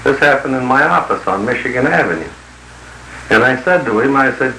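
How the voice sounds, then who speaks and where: A man's voice: mid-range voice, animated, brisk, pushed and bright, echoey room, slight background noise, rough recording. A man working as a business consultant tells blunt, folksy stories to a group in an archival 1950s recording. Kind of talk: anecdotal talk to a group.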